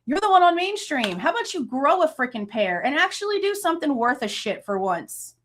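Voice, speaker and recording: A woman's voice: high voice, big pitch swings, a little fast, fairly bright tone, slight background noise. A woman, hosting a true crime livestream, ranting angrily, swearing and laughing between outbursts. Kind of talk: casual livestream rant.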